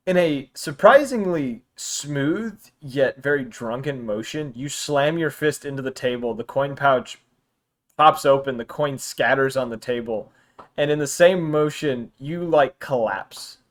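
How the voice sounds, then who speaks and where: A man narrates a tabletop game as game master at an ordinary middle pitch. He talks loosely and chattily and breaks into laughs often.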